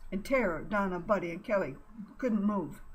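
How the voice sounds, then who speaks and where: Woman reading a kids adventure story out loud, expressive, trips over words now and then. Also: medium pitch, moderate pace, slight background noise, rough recording. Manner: expressive, with stumbles and self-corrections. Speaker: narrator. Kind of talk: storybook narration.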